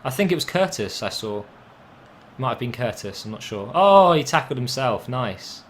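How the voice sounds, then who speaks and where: A young man commentating on his own football video game match, casual and chatty, with swearing and sudden excited outbursts. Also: medium pitch, normal speed, slight background noise. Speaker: gaming commentator.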